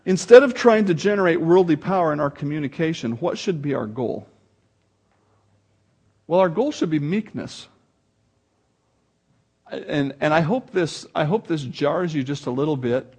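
A man's voice: a little high, normal speed, pauses often, breathy edge. A man preaching a sermon, emphatic and dramatic, reading scripture aloud. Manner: animated, emphatic preaching with dramatic swings in loudness. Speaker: pastor.

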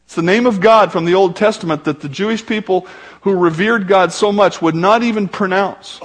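A man's voice: high-pitched, normal speed. A man preaching a sermon as pastor, talking conversationally with joking asides to the congregation.

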